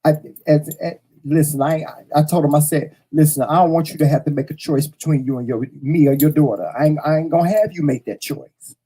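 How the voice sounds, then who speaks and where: A man speaking to his audience in a mellow, husky voice. He tells a personal story bluntly, with cursing, and hammers his points home by repeating phrases. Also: fairly high pitch, fairly even intonation, brisk, few pauses, poor audio. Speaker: host. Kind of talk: casual storytelling monologue to viewers.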